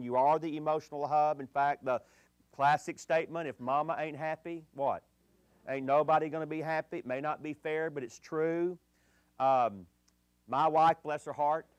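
A middle-aged man delivers a sermon to an audience about marriage and dating, earnestly recounting stories and lowering his voice to a hush in the sorrowful passages. The sound is smooth and free of echo.

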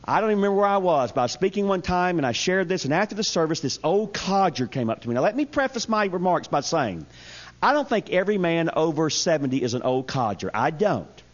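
Folksy preacher telling stories. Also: male voice, on the high side, quick pace. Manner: storytelling, folksy, animated. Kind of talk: humorous sermon. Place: church service. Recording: dull lo-fi sound.

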